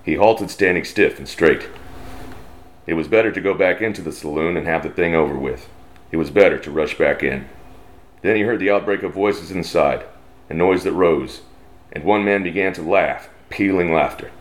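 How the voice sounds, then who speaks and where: This storyteller, a Texan man with a deep voice, narrates a western slowly in a drawling twang and gives the characters brief voices of their own.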